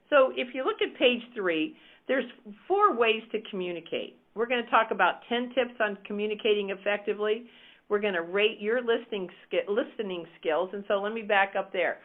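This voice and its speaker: Woman coach, emphatic and upbeat, teaching over a thin, phone-like line. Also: on the high side. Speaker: real estate team coach.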